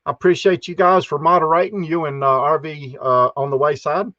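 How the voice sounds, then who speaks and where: A man's voice: on the high side, steady tone, a little fast, sharp tone, no echo, dull audio. A man hosting a live stream, greeting chat viewers one by one in a folksy way. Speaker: host.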